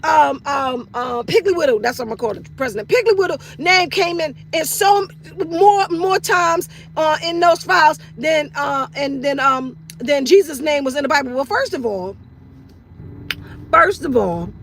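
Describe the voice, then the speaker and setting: A high-pitched comedian from East New York, Brooklyn hosts a live stream talk segment, riffing in a casual comic rant full of cussing, repetition and acted-out bits. She's animated, moves at normal speed, and her voice has a creaky quality.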